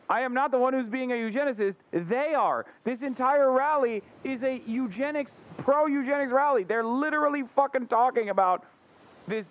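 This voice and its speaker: A man's voice: extremely high pitch, dull audio. A man hosting a livestream and giving heated, sarcastic, profane reaction commentary. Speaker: livestream host.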